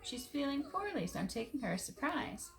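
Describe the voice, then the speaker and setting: Woman as polite little girl, storybook, high, slow and wide-eyed. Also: big pitch swings, gravelly, full character voice. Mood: prim sweet.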